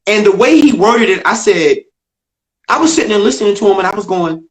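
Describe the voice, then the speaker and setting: Animated high-voiced older man telling a story. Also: a little fast. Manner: emphatic, acts out dialogue, swings pitch widely. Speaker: guest, stand-up comedian. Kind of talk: animated storytelling in a video interview. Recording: echoey room.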